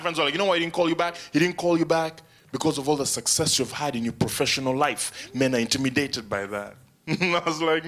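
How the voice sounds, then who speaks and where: A stand-up comedian from Africa, performing a live set and squeaking into high voices when he quotes women. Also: animated, fairly quick, pushed and bright. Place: comedy club stage, crowd present. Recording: live club recording with crowd.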